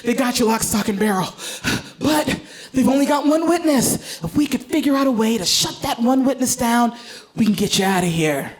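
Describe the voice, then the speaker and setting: Woman doing a breathless hurried lawyer. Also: on the high side, lively intonation, close to an everyday voice. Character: hurried female defense lawyer.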